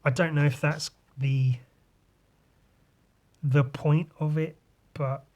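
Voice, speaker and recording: A man hosting a podcast, talking casually through a comic in a loose, sweary, rambling way, his voice a little rough today. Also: a little high, flat delivery, slow pace, darkish tone. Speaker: podcast host.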